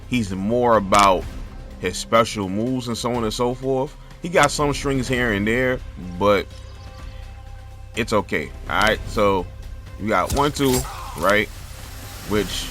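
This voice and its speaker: A man walks viewers through a fighting-game character in a loose, chatty commentary, often restarting and repeating himself. His voice sits low but sounds bright and forceful, with faint music playing beneath. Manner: loose, chatty and self-correcting, stumbles and repeats words. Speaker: gaming channel host. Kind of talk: casual game guide commentary.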